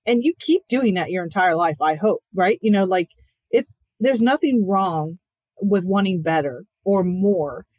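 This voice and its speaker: A woman's voice: mid-range voice, animated, a little slow, a little mellow, no room sound. Reflective woman host, muffled audio. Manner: reflective, thinks aloud with many fillers. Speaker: podcast host. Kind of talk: conversational interview.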